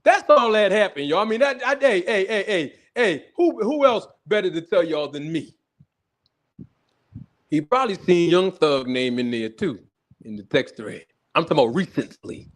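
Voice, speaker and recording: Male livestream host, high voice with big swings, loose animated chatter that breaks into laughs. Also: normal speed. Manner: animated, laughs often, greets viewers in the chat. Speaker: host of a boxing talk livestream. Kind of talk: casual livestream commentary.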